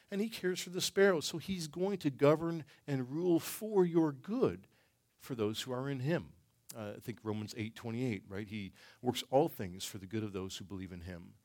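Halting, thoughtful male Bible class teacher. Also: mid-range voice. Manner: thoughtful, halting, with frequent ums and restarts. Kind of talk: teaching a church class with discussion.

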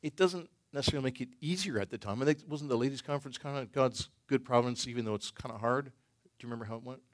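A man teaching a church Bible study class, thinking aloud in a halting way with many pauses and restarts. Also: mid-range voice. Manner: thoughtful, halting, with frequent ums and restarts.

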